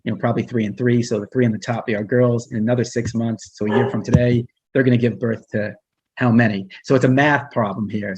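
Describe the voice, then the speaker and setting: A man with a husky, slightly rough voice talks his audience through an online presentation. He restarts often and fills gaps with fillers, and he speaks straight to his listeners. The sound is dry and a little dull, like a video call microphone. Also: mid-range voice, a little mellow, no room sound. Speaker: humane educator presenter. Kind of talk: casual online talk with slides.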